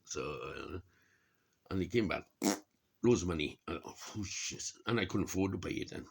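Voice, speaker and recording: Low, expressive and slightly rough with vocal fry, this man's voice moves at a moderate pace. He's a middle-aged vlogger from Wales delivering a rambling, grumbling monologue to camera, full of swearing and laughter at his own comments.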